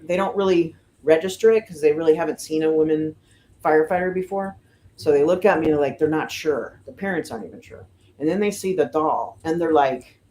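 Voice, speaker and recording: A woman's voice: deep voice, normal speed, a little hiss or hum. Chatty middle-aged woman firefighter. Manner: chatty, fills with "you know" and "um", animated retelling of quotes. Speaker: firefighter lieutenant and guest. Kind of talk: casual interview storytelling.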